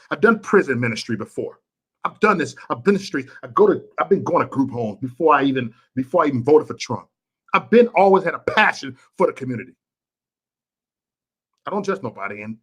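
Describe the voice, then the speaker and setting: A man from Chicago ranting bluntly and profanely on a vlog livestream, preachy and repetitive, talking to his chat viewers. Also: a little high. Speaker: vlogger and livestream host.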